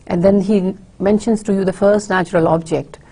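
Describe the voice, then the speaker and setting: A woman's voice: medium pitch, steady tone, normal speed, mellow, slightly rough. A woman giving a recorded university literature lecture, explaining steadily with frequent filler words. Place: recording for an online course.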